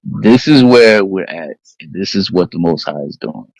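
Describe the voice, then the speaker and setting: Deep-voiced man moderating with a preacher's cadence. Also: normal speed, no room sound, rough recording. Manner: steady, addresses listeners as family, scripture-minded. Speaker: discussion moderator and Bible teacher. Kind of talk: preaching-style group talk.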